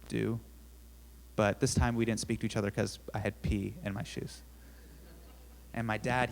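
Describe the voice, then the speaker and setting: A young man telling a self-deprecating personal story on a theater stage, animated and with sudden loud bursts. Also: medium pitch, slight background noise.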